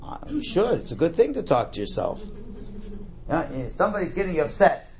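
Brisk and on the high side, this man's voice carries his class on a prayer text, which he teaches as a religious instructor. He animatedly answers questions he has just asked himself and tends to repeat words as he goes.

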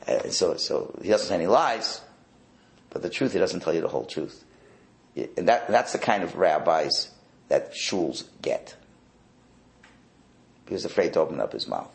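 A man, a rabbi, teaching a Torah class in a wry, animated way, sprinkling in Hebrew and Yiddish words. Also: fairly low pitch, normal speed, vocal fry.

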